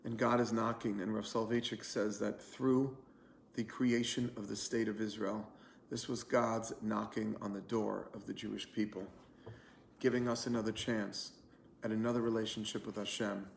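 A man's voice: fairly low pitch, level tone, normal speed, vocal fry, reverberant, slight background noise. A man, a rabbi, giving a conversational online Torah class, telling a story with earnest energy and many fillers. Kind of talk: online lunch-and-learn class.

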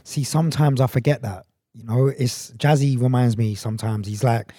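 A man's voice: medium pitch, steady tone, normal speed, mellow, no room sound, studio quality. A man talking as a guest in a casual interview, reflective and earnest, often restarting his sentences. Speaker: guest actor and director.

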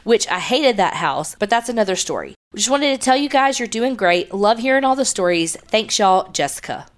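A woman with a voice of ordinary pitch co-hosts a podcast. She reads listener letters aloud in a plain, steady way and chats casually between them. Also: normal speed. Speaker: podcast co-host.

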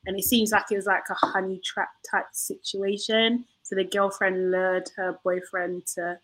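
A woman's voice: mid-range voice, little pitch movement, normal speed, fairly bright tone, poor audio. Chatty woman podcaster. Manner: chatty, laughs easily, trails off mid-sentence. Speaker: podcast co-host. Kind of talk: casual chat.

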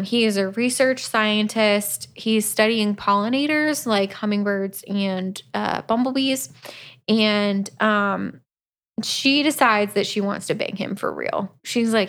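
A woman co-hosting a podcast, casually retelling a book's plot and acting out its lines, with an even mid-range pitch. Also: a little slow. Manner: chatty, acts out quotes from the book. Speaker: podcast co-host. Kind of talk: casual book recap.

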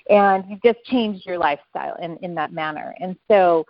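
A woman's voice: fairly low pitch, moderate pace, no echo. Eager, rambling woman on a dull phone line. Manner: eager, rambling with many restarts. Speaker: network marketing guest. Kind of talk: casual phone interview.

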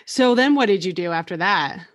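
Low-voiced woman hosting a dry-sounding interview. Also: expressive, normal speed, dry recording. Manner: warm encouraging asides, laughs along. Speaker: podcast host. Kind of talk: casual interview.

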